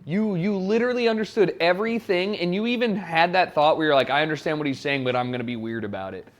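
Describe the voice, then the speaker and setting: Speaking fast in a fairly high voice, a man cooks in his home kitchen during a live stream. Using a wired mic, he rambles profanely and answers the people in his chat.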